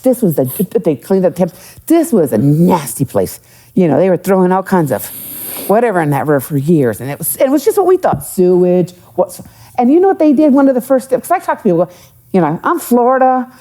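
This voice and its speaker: Guesting on a live podcast in front of an audience, a middle-aged economic development executive tells lively stories packed with jokes and tangents, speaking a little fast in a lowish voice.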